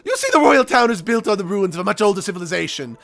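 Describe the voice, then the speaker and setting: Man voicing a pompous old gentleman archaeologist, high, bouncy, plummy, game character. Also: sing-song, fast talker, vocal fry, full character voice. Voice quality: plummy, pompous, theatrical exclamations.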